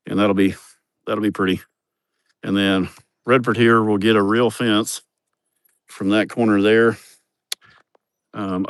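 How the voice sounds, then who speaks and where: This man's lowish, smooth voice has studio quality with no room sound. A vlogger, he gives a crude, joking, rambling livestream tour of his farm, filming outdoors on rural farmland with a phone camera.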